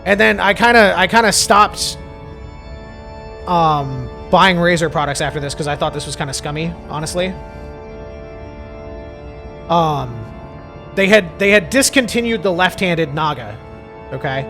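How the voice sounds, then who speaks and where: A man's voice: a little high, a little slow, creaky, long pauses, faint music behind. A man giving casual gameplay commentary, ranting and swearing freely. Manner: ranting, profane, animated. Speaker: gaming YouTuber.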